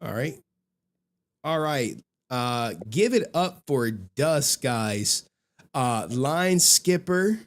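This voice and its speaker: A young adult man hosting a casual livestream, telling stories and laughing often. He swears freely. His pitch moves a lot as he talks. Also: extremely slow. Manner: laughing, profane, animated storytelling. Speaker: livestream host.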